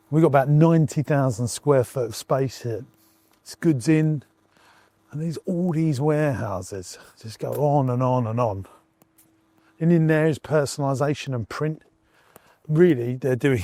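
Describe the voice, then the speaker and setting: Walking through his farm and warehouses, an entrepreneur vlogger chats casually and enthusiastically with his viewers. His mid-range voice has a warm tone, and the recording is dry.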